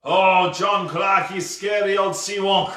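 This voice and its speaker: A man voicing a gruff old male pirate ghost captain, bellowing in pirate dialect in a deep rumbling voice. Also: unhurried, pushed and bright, echoey room.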